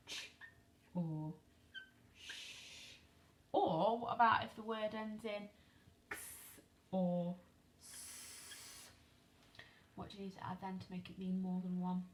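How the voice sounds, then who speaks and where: A woman teaching an online phonics lesson to young children, speaking slowly and clearly, asking questions and spelling words out letter by letter. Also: medium pitch, animated, fairly bright tone. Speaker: primary school teacher.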